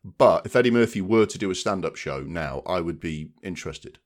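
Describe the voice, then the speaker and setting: A man's voice: low-pitched, lively intonation, a little fast. A man co-hosting a film podcast, talking casually and often checking in with "do you know what I mean". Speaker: podcast co-host. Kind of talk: casual chat.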